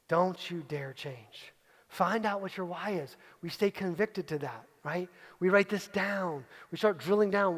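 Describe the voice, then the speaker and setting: A man's voice: sits high, normal speed, long reverb tail. A man, a leadership coach, giving a motivational keynote talk, emphatic and repeating key phrases for effect. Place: large event hall at a live retreat.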